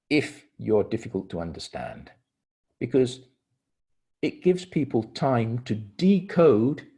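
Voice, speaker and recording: A middle-aged man leading an online training seminar on communication, explaining step by step with deliberate pauses and stressed key words. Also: mid-range voice, warm tone, husky.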